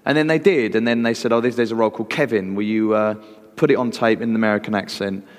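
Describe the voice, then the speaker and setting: A British man, an actor guest, telling lively stories on stage at a live event and acting out other people's voices. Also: on the low side, fast talker. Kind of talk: anecdotal storytelling on stage. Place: live event hall with audience. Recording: long hall reverb.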